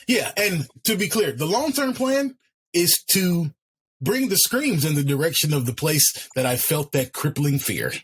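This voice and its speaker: A man playing a tabletop role-playing game, deliberately laying out his character's plan with a few fillers. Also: a little high, lively intonation, a little hiss or hum.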